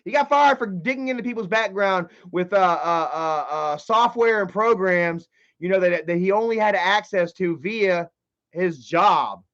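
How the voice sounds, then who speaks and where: High-voiced man, loud then muttering, profane livestream host, dull lo-fi audio. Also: a little slow. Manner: excitable, profane, swings from loud outbursts to mutters. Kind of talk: casual livestream commentary.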